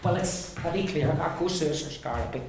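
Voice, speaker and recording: A man with an Irish accent leads a classroom pronunciation lesson, saying words over and over for the class to repeat. His voice sits a little high and reaches the mic from some distance. The room is very echoey, with faint noise behind him. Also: a little fast, a little mellow. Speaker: Irish language teacher.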